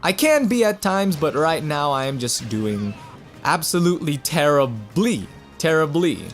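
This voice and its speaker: A young man talks through a fighting game with a lively, bouncing voice that sits a little high. He rambles, stammers and corrects himself as he plays. Faint game music runs beneath his talk. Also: unhurried. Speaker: gaming channel host. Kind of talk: let's play commentary.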